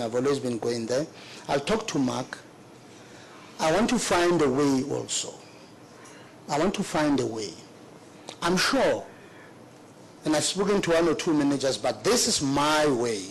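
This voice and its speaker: Man, middle-aged, formal testimony, halting, remorseful, somewhat high-pitched. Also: slight background noise, rough recording. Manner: earnest, remorseful, halting with repetitions. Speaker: witness at a public hearing.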